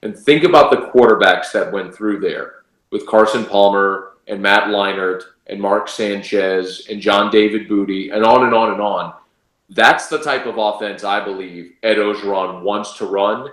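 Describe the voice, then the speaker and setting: Guy breaking down football, sure of himself, kinda low voice, echoey room. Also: steady tone, normal speed, a bit bright. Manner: confident, opinionated, emphatic. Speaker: radio sports analyst, guest. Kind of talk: casual sports talk analysis.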